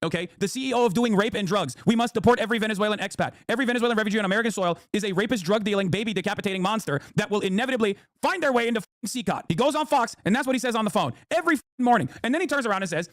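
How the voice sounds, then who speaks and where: A male political streamer ranting in combative, profane bursts at a breakneck clip. His voice sits high for a man, and the sound is close and dry. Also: expressive, rapid-fire, no room sound. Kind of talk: heated stream commentary.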